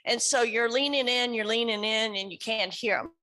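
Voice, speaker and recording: A woman's voice: fairly high pitch, normal speed, pushed and bright. A woman from West Kentucky, a speech therapist giving an educational talk to a support group in a conversational way, often asking the audience questions. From West Kentucky, USA.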